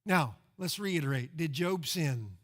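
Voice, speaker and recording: A man's voice: on the high side, expressive, a little slow, a bit bright. A man preaching a sermon as pastor in a church, talking conversationally, repeating words and asking rhetorical questions. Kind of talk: expository sermon. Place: church sanctuary.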